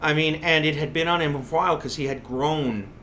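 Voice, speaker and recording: A man's voice: a little high, a little fast, sharp tone, slight background noise. A man, a fishing columnist, telling stories in a casual podcast chat with emphatic repeated phrases. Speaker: saltwater columnist.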